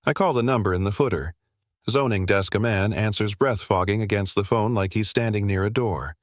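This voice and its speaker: A man narrates a scripted first-person story in a steady, wry and literary way. His voice is low and sits dry and close on the recording. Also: moderate pace, no echo.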